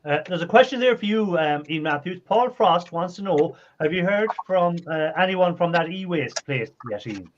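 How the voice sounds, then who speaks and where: His voice sits high, and he keeps a moderate pace with few pauses. As co-host of a laid-back livestream, he reads out viewer questions, joking and laughing a lot, over a muffled lo-fi recording with constant background noise.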